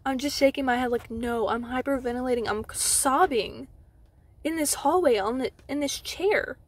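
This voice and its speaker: A young woman telling a storytime vlog from inside a car. She retells it in an animated way, fills her talk with "like" and acts out what others said. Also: high voice, moderate pace, breathy edge. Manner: animated retelling with frequent "like" fillers, acting out others' lines. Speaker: vlogger.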